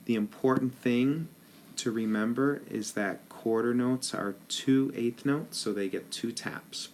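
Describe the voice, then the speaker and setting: A man's voice: mid-range voice, a little slow, a little mellow, slight background noise. A man teaching a rhythm lesson as a band director, patiently counting rhythms aloud in ta syllables.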